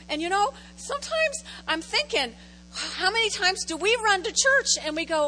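Woman pastor, middle-aged, high voice, animated storytelling sermon, church mic. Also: normal speed, a little hiss or hum, poor audio. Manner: animated storytelling, repeats phrases for effect. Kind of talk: conversational sermon. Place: church sanctuary.

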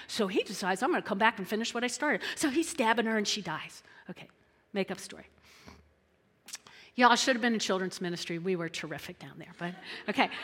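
A woman preaching a sermon in an animated, conversational way, often checking in with her listeners. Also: a little high, big-room sound.

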